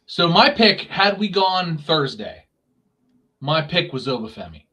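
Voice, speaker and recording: A man's voice: fairly high pitch, sing-song, a little slow, pushed and bright, breathy edge. Ranting, foul-mouthed man. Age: young adult or middle-aged. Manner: profane, ranting, mocks voices. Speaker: podcast co-host. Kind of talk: casual chat. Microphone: remote podcast mic.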